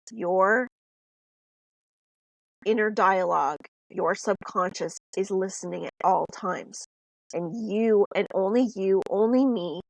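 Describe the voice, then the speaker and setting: A woman's voice: medium pitch, vocal fry, no echo, poor audio. Woman talking about self-work on a podcast, dry close sound, earnest. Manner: earnest, reflective. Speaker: podcast co-host, mentor. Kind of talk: motivational talk.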